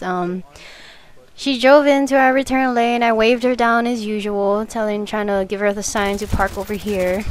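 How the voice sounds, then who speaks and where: A young woman with a slightly high voice chats casually while gaming, sharing stories from work and giggling often as she talks. She's a gaming video commentator, and there's a faint hiss or hum in the recording.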